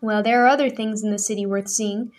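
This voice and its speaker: A woman voicing a cheerful young man who speaks hastily and tries to smooth things over. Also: mid-range voice, fairly even intonation, a little fast, lightly acted. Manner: cheerful, hasty, conciliatory.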